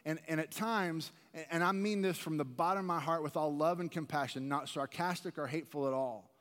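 Male pastor, earnest chatty sermon delivery, slightly high voice, long church-hall reverb. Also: fairly quick, few pauses, a bit bright. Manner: earnest, conversational preaching with repeated restarts. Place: large church sanctuary.

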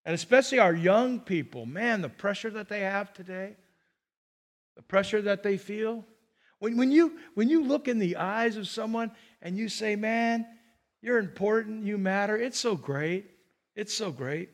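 An older man delivers a sermon in a church, his voice sitting high for a man. He tells his stories with animation and acts out the people in them. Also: normal speed. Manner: animated storytelling, acts out scenes. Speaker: pastor.

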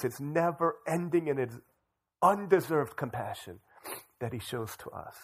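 A young adult man who is a pastor, preaching a sermon in a lively way and acting out quoted voices. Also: on the high side, normal speed, husky. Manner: animated, acts out quoted voices.

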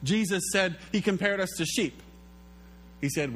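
A man preaching a sermon as pastor, telling stories in an animated way and acting out the quotes. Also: fairly high pitch, moderate pace, a little hiss or hum. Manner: animated storytelling, acts out quotes.

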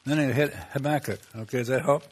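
Talking fairly quickly at a medium pitch, a male pastor with Swedish Lutheran roots gives a folksy, conversational sermon. He poses rhetorical questions and laughs softly throughout.

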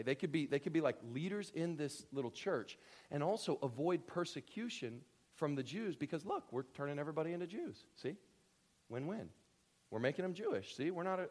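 A man preaching a sermon in a casual, conversational way, acting out the voices he quotes. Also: a little high. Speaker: pastor.

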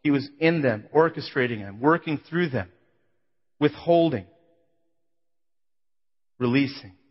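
In a sanctuary, a man preaches a sermon of personal testimony at a measured, animated pace, his emotional voice swelling to loud, pleading peaks and then dropping to a near hush. It echoes with a long reverb tail through a large hall, and the recording sounds muffled and dull.

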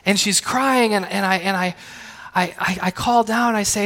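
Pastor, man in his thirties, high voice, chatty sermon with family anecdotes, long hall reverb. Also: moderate pace, fairly bright tone. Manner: conversational, self-deprecating, asks the audience questions.

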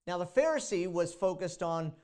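A man's voice: sits high, animated, moderate pace, a little mellow, smooth. Male pastor, informal sermon delivery with frequent restarts, dramatizes prayers in a raised voice.

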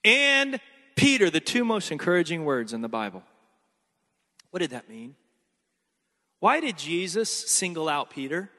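A man's voice: on the high side, very animated, moderate pace, long pauses, a bit bright. Emphatic preacher man in a reverberant hall. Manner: emphatic, repeating key phrases. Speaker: pastor. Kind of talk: sermon.

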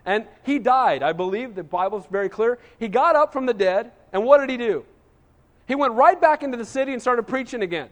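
A man's voice: very high-pitched, long reverb tail. A man preaching a sermon as pastor, emphatic and conversational, often asking his congregation "Amen?".

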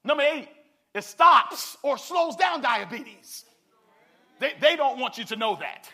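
High, bright-voiced preaching man. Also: unhurried. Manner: animated, call-and-response preaching. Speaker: pastor. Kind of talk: sermon.

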